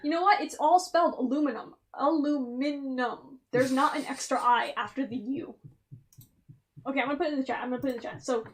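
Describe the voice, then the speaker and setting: An American woman streaming, chatting casually in an animated, incredulous way. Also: high-pitched, fast talker. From United States. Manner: animated, incredulous, laughs a lot. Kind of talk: casual livestream chat.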